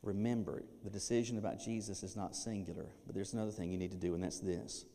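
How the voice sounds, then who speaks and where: A pastor delivering a sermon, animated, breaking into playful acted asides. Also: male voice, deep voice, fast, few pauses. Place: church sanctuary. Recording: long reverb of a church hall.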